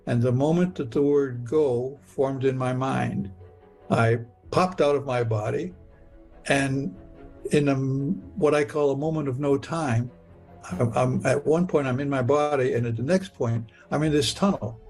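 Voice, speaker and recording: A man telling a personal story in an earnest, halting way, often repeating words as he goes. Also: mid-range voice, steady tone, a little mellow, faint music behind. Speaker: guest telling his story.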